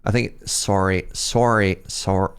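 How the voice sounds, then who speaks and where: A man's voice: on the low side, fairly even intonation, slow pace, clean tone. A man with a Canadian Pacific Northwest accent, chatting casually with viewers as he streams a fishing game, rambling and laughing often. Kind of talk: casual livestream chat with viewers.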